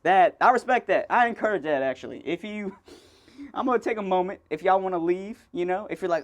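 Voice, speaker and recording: A man's voice: high voice, lively intonation, brisk. A man in his twenties hosting a solo podcast, rambling and self-mocking, laughing often as he talks. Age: 20s. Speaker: podcast host. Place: indoors, seated.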